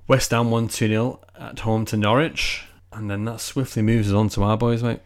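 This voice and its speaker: A man's voice: on the low side, little pitch movement, moderate pace. A man co-hosting a football podcast, teasing his friend and running through the results. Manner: teasing, joking, reads results. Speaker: podcast co-host. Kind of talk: casual chat.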